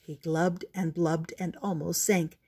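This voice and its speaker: An older woman reading a children's picture book aloud as a storyteller, slow and expressive. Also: fairly low pitch, slightly rough.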